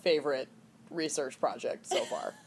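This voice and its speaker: A woman's voice: rumbling low, normal speed, darkish tone, slight background noise. A woman co-hosting a casual chat podcast, gushing and enthusiastic. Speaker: podcast co-host.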